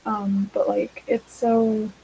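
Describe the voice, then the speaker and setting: A woman's voice: medium pitch, flat delivery, slow, gravelly, dark tone, slight background noise, low-quality recording. A teenage girl chatting casually while she draws, rambling with many fillers and side tracks. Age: teens. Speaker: vlogger.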